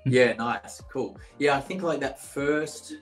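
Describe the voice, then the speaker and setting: A man's voice: mid-range voice, slow pace, echoey room, faint music behind, low-quality recording. A man in his thirties from Brazil, an actor guest casually telling stories with lots of filler words over a video call. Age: 30s. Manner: relaxed, rambling, many "like" fillers. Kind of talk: casual storytelling interview.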